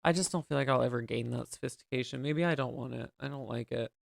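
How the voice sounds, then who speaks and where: A man's voice: medium pitch, fast talker, gravelly, no room sound, studio quality. A man co-hosting a podcast, talking in a campy, playful, theatrical way in casual comedic chat. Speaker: podcast co-host.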